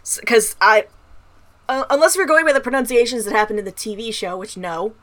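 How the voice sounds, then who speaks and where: A woman's voice: on the high side, fairly quick, a bit bright. A woman co-hosting a podcast in casual chat, candid and laughing often, with the odd swear word. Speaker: podcast co-host.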